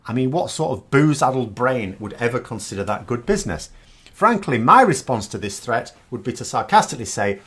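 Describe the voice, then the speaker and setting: A man's voice: mid-range voice, expressive, a little fast, fairly bright tone, husky. A British man hosting a political commentary channel, delivering a scornful, sarcastic monologue with emphatic points.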